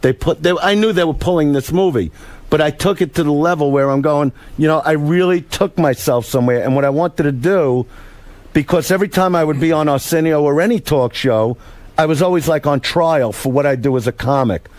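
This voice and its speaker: A man's voice: on the high side, fairly quick, a little mellow, dry recording. A man, a comedian guest, talking in a casual studio chat, emotional and rambling with frequent restarts. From United States.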